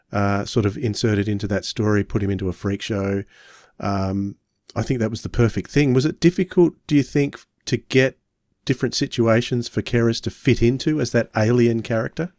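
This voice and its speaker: A man's voice: medium pitch, a little mellow, no room sound, studio quality. A man co-hosting a podcast who talks eagerly and speaks openly about what he loves and hates. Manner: enthusiastic, frank about his likes and dislikes. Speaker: podcast co-host. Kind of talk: casual chat.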